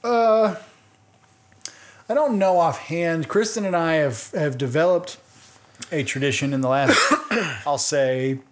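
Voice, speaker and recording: A man's voice: fairly high pitch, takes it slowly, pauses often. A man in his thirties co-hosting a podcast, telling family stories in a joking, casual way. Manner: joking, animated storyteller. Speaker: podcast co-host. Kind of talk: casual chat.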